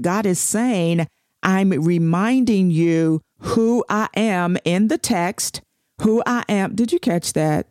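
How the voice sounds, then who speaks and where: A woman giving a devotional Bible teaching. She reads scripture slowly and deliberately and explains it verse by verse. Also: on the low side, a little mellow, no echo, clean studio sound.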